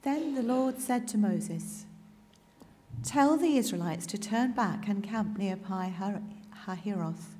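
A woman reading a Bible passage aloud in a measured way. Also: mid-range voice, lively intonation, warm tone, in a large hall. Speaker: scripture reader.

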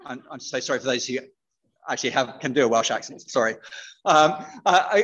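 A man's voice: a little high, expressive, quick pace, bright, forceful tone. A man preaching an all-age sermon, playful and interactive, chatting with children.

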